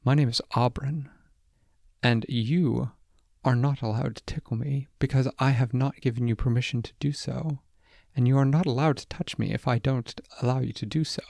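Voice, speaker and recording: A man voicing a calm, self-assured young woman traveler in a bedtime story, speaking firmly and briskly. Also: mid-range voice, vocal fry, no echo, lightly acted.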